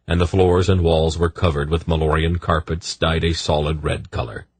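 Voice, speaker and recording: A man narrating an audiobook in a measured storytelling manner. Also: a bass voice, husky, dry recording. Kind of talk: scripted narration.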